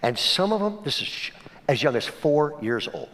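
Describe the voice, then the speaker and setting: A male pastor giving a conversational sermon, swinging between emphatic and hushed delivery and often checking in with his listeners. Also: a little high, big pitch swings, moderate pace. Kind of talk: sermon storytelling.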